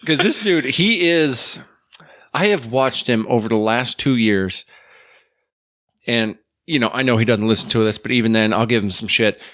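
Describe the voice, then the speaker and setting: A man co-hosting a podcast, chatting casually and teasing his partner with wry remarks. His voice sits at an average pitch and sounds dry and close, with no room echo. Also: normal speed, a bit bright. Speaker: podcast co-host. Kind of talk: casual chat.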